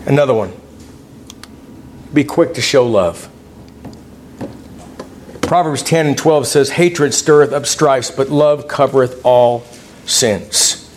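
The preacher, a middle-aged man, speaks slowly and leaves long pauses, with a light hiss or hum in the audio. In a folksy style he reads scripture aloud and recounts personal stories, his pitch ranging widely from point to point.

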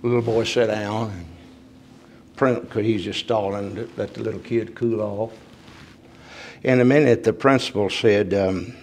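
A man preaching a sermon, swinging from emphatic raised points to soft, quiet storytelling. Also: on the low side, steady tone, normal speed, long pauses, a little hiss or hum.

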